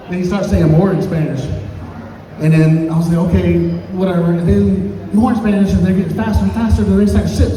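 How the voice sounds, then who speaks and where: Man, 30s, stand-up comedian, storytelling, mellow tone, faint room noise, long reverb. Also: fairly quick. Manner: storytelling, acts out quotes with jumps in pitch. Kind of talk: open mic stand-up set. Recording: echoey hall from far off, faint room noise.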